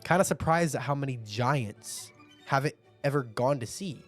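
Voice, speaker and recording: A man hosting a manga reaction, giving casual commentary with animated, profane asides. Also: medium pitch, moderate pace, soft background music. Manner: animated, swearing, laughing asides.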